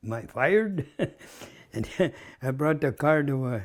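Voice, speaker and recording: A man's voice: a little high, lively intonation, slow. A man in his nineties with a Canadian accent, telling old stories in an interview with frequent chuckles. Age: 90s. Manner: chuckling, reminiscing, tags with "eh". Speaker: interview guest. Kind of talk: casual storytelling.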